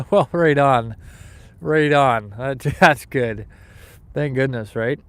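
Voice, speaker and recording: An easygoing Canadian man hosts a fishing livestream outdoors in the snow, reading viewer comments and rambling casually between them. His voice is smooth and clear, mid-pitched, and dry and close, as if picked up by his phone's streaming setup. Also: drawn-out words, a bit bright, no echo. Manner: easygoing, chatty, rambling with restarts.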